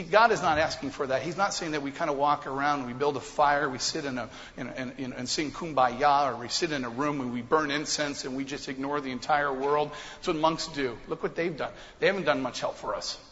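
A middle-aged man preaching a sermon in a church, swinging from quiet asides to loud, fired-up emphasis. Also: fairly high pitch, a little fast. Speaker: pastor. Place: church sanctuary. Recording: long hall reverb, dull lo-fi sound.

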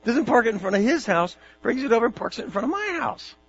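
A man's voice: extremely high pitch, quick pace. A middle-aged man, a pastor, preaching a sermon in a conversational storytelling way, often repeating words as he talks. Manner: conversational storytelling, animated and repetitive. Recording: dull recording with faint mains hum.

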